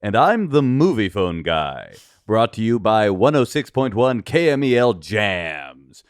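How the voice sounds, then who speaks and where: A man putting on the voice of a movie-phone line announcer, reading out a phone menu in a slow, drawn-out way. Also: on the low side, big pitch swings, clean tone, no echo, studio quality. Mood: announcing.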